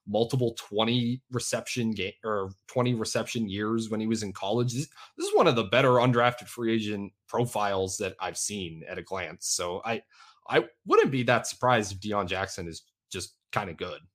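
A man co-hosting a fantasy football podcast, talking in a relaxed, self-deprecating way with halting restarts. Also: fairly low pitch. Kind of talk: casual podcast chat.

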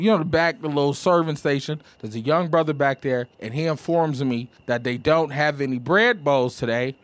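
A man doing stand-up, telling an animated story and acting out the voices of the people in it. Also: high voice, noisy background. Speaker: stand-up comedian. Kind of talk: stand-up comedy set. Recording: music and audience laughter.

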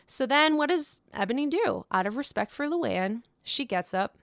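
A woman's voice: high voice, sing-song, normal speed, hardly any pauses, fairly bright tone, no room sound, clean studio sound. Outspoken young woman recapping reality TV. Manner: candid and frustrated, with frequent swearing; rhetorical questions, answered herself. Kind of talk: casual opinionated commentary.

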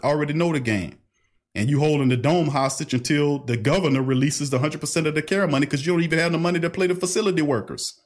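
A middle-aged man, hosting a casual call-in livestream in an animated, preachy way full of street slang. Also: mid-range voice. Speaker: livestream talk host. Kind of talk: casual call-in talk stream.

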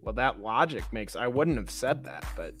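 A man's voice: mid-range voice, sing-song, moderate pace, a bit bright. A man in a mid-range voice trades quiz answers on a podcast, playful and jokingly competitive. He banters easily. Faint music runs behind him. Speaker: podcast guest and quiz contestant.

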